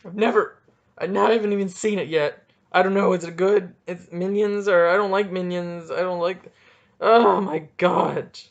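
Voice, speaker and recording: A man's voice: sits high, fairly even intonation, normal speed, gravelly, muffled recording. A young man hosting a solo podcast, ranting and rambling with goofy, self-mocking asides. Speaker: podcast host.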